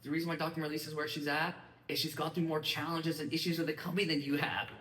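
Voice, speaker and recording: A man giving an energetic motivational training talk to a live group, often checking that his listeners follow him. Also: fairly high pitch, fast. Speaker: business mindset trainer. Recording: echoey room, mic at a distance.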